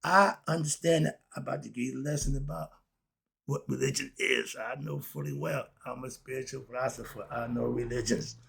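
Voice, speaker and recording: A middle-aged man teaching spiritual philosophy, preachy and excitable, firing rhetorical questions at his listeners. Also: medium pitch, brisk, creaky, breathy edge. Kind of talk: spoken lesson.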